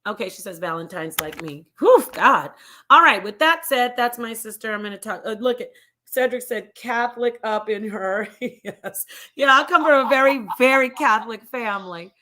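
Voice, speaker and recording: A woman's voice: fairly high pitch, expressive, normal speed, pushed and bright. A woman hosting a casual live stream, chatty and digressive, talking to her viewers like family. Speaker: livestream host.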